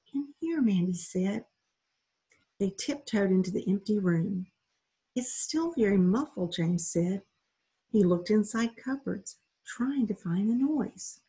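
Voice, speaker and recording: A woman reads a children's story aloud, unhurried and expressive. Her voice is very husky with a gravelly edge, and she takes her time over each phrase. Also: mid-range voice, poor audio. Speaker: reader. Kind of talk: reading a children's novel aloud.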